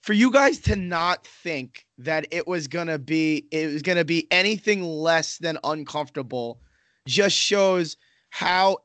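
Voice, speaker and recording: An Islanders fan with a slightly higher, fairly bright voice rambles casually about hockey on a podcast, swearing a lot, breaking off mid-thought, and restating points. His sound is dry and close, with no echo or room.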